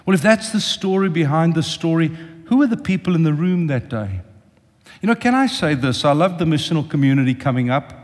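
Impassioned older preacher in a reverberant hall. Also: male voice, a little high, lively intonation, fairly quick. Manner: impassioned, speaks directly to the congregation. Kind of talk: sermon. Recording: long reverb of a large hall.

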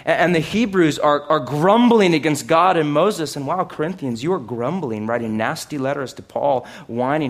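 A man preaching a sermon in an animated way, with loud exclamations, hushed asides and sarcastic, self-mocking humor. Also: fairly high pitch, normal speed, few pauses. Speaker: pastor.

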